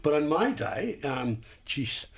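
A man co-presenting a radio show, chatting in a relaxed, reflective way with plenty of fillers. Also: fairly high pitch, slow pace, creaky, breathy edge. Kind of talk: casual radio chat.

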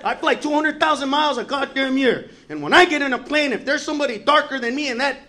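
A man performing a profane stand-up comedy routine, shouting his punchlines. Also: extremely high pitch, animated, fast talker.

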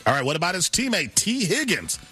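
A man hosting a sports talk show, quizzing his co-host in a brisk, teasing way. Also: sits high, huge pitch swings, pushed and bright, slightly rough, soft background music. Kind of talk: quiz-style sports debate.

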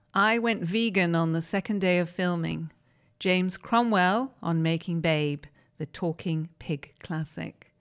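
A woman presenter reading newspaper articles aloud in measured, clear narration, now and then briefly voicing the people quoted. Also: on the low side.

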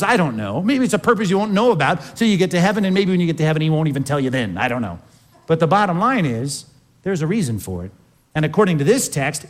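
A man preaching a sermon in a conversational way, often putting questions to the congregation. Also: a little high. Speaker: pastor.

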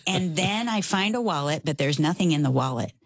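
A middle-aged woman telling a personal story in casual conversation, expressive and acting out the voices of the people in it. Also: sits low, a little fast, no room sound.

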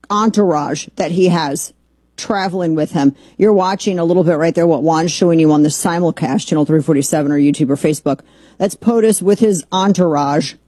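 A woman hosting a political talk radio show from a studio, sarcastic and animated, with rambling asides. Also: lowish voice, dry recording. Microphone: studio microphone.

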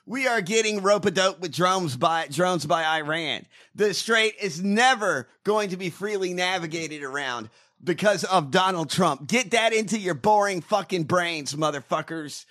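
A man's voice: high voice, normal speed, sharp tone. A man hosting a podcast, ranting profanely in fired-up casual chat. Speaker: podcast host.

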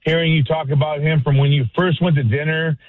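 A man's voice: fairly high pitch, steady tone, a little fast, no echo. A man calling into a sports radio show, chatting casually and praising the host. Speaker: caller. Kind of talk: call-in radio chat. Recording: tinny phone line.

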